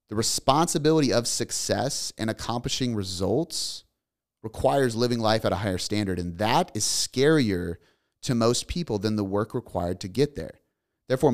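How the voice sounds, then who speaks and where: A man's voice: lowish voice, darkish tone. A man in his thirties hosting a solo motivational podcast, talking bluntly and emphatically in repeated lists, with casual swearing. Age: 30s. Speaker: podcast host.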